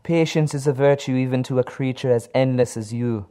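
A man's voice: medium pitch, lively intonation, a little fast, dark tone, voice pushed up, close to an everyday voice. A man voicing a seductive occult woman who speaks in a silky, sweetly mocking way.

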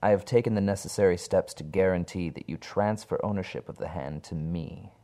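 A man doing a faceless, otherworldly male being in a spoken horror story. His voice is deep and smooth, every word measured and coolly threatening. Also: dark tone. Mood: menacing. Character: sinister featureless male entity, calm and menacing.

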